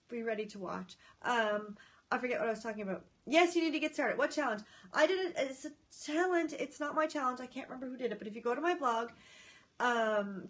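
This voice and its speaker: Brief: woman, high voice, chatty livestream host, greets viewers, excitable and scattered. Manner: excitable, often breaks off mid-sentence. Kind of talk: casual live chat. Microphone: phone or tablet.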